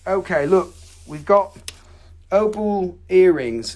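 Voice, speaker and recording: A man's voice: on the high side, unhurried, a little mellow. A man hosting a live stream and selling rocks and crystals, with a playful, rambling, joking sales patter that repeats itself.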